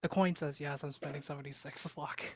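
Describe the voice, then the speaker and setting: A woman's voice: low voice, fairly even intonation, a little fast, dry recording. A woman playing a tabletop game, thinking aloud as she works things out, heard through a dull lo-fi mic. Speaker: player. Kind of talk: casual tabletop game chat.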